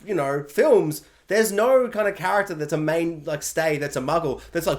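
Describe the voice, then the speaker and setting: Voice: mid-range voice, fast talker, few pauses. A chatty film reviewer rambles through a spoiler review, full of fillers and asides. Their voice swoops up and down, and they keep acting out scenes in silly voices. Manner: animated, acts out scenes in silly quoted voices. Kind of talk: casual spoiler review monologue.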